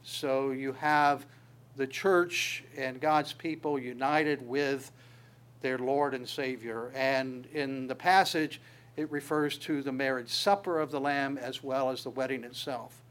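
A man preaching a sermon in an earnest way, rising louder when he quotes scripture and dropping soft on asides, often repeating words as he restarts. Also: medium pitch, fairly even intonation, slow pace. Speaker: pastor.

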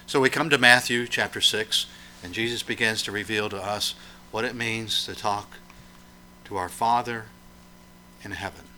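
A man's voice: lowish voice, fairly even intonation, moderate pace, pauses often, bright, forceful tone, a little hiss or hum. A man preaching a sermon, emphatic and questioning, his voice swelling and dropping to press each point.

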